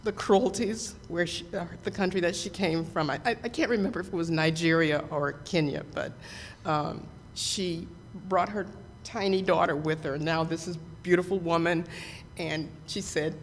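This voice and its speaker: A woman's voice: fairly low pitch, fairly even intonation, moderate pace. A woman congregant telling a personal story to the congregation, chatty and hesitant with fillers. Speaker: congregant sharing news. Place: church sanctuary. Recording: hall reverb with faint background noise.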